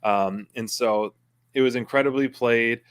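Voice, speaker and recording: Excited man co-host, dry close sound. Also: mid-range voice, measured pace, smooth, no echo. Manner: animated, excited storytelling. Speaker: co-host of a wrestling recap show. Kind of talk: casual chat.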